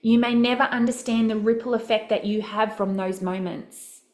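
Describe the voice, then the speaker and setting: A woman's voice: on the high side, steady tone, moderate pace, darkish tone. Candid storytelling woman, echoey room. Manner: candid, swears casually, acts out quoted voices. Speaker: mastermind coach. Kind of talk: storytelling to a group.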